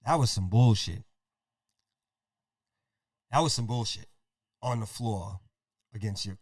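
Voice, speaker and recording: Male podcast host, excitable play-by-play caller, dry close voice. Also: fairly low pitch, no echo. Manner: rapid game calling, profane, excitable. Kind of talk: casual play-by-play over a game.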